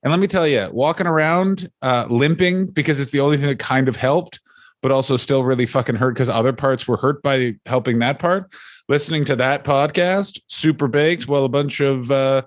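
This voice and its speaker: A man's voice: medium pitch, normal speed, no echo, studio quality. A young man co-hosting a comedy podcast, rambling and swearing and slipping into jokey impressions of people. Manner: rambling, profane, mimics people in jokey voices. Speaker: podcast co-host. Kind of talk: casual comedic chat.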